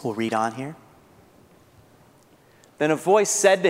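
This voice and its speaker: A man's voice: fairly high pitch, expressive, measured pace, long pauses. Earnest male preacher in a reverberant hall. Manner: earnest, rising to fervent rhetorical questions. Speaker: pastor. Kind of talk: sermon.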